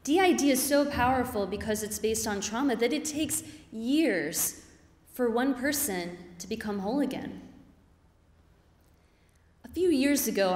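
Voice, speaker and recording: Earnest woman telling a story in a hall. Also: medium pitch. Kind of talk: live personal storytelling on stage. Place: stage in a hall. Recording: reverberant hall.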